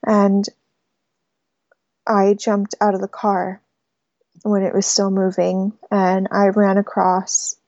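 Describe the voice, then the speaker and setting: A young woman from the United States tells her story haltingly over a call-in line, stopping and restarting often. Her voice is low-toned, mellow and full of vocal fry. The audio is dull, lo-fi and dry. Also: monotone, no echo. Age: young adult. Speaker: caller.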